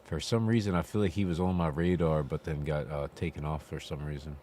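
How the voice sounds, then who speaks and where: A man hosting a live stream, chatting casually to viewers in a relaxed, rambling way. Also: extremely low pitch, brisk, a little hiss or hum. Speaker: stream host.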